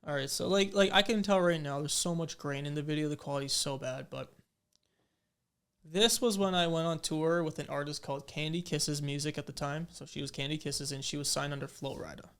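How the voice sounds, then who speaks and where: A young man recounting an old story while reacting to his own videos, talking casually with plenty of "like"s. His voice sits a little high and comes through smooth and clear. He gets animated and acts out the people in the story as he talks. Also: fairly quick. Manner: animated storyteller, acts out quoted exchanges, many fillers.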